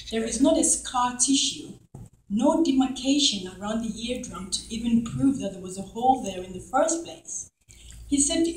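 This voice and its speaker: A middle-aged woman tells her testimony to a congregation, in a fairly high voice. She is animated and acts out each person in her story. She is heard from a distance in a roomy, echoing hall. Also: normal speed. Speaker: church member giving testimony. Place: church hall. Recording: echoey hall, from far off.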